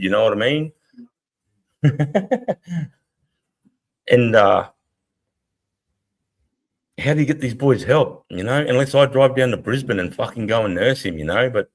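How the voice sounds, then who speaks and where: A middle-aged Australian army veteran co-hosting a casual live stream, blunt, rambling and heavily profane. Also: male voice, mid-range voice, animated, moderate pace, pauses often. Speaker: livestream co-host, army veteran.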